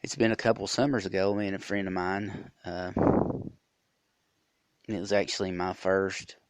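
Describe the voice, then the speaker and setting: A man's voice: sits low, little pitch movement, moderate pace, smooth, dry recording. A man hosting a podcast, telling a rambling story with many fillers and restarts. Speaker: podcast host. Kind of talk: casual storytelling monologue.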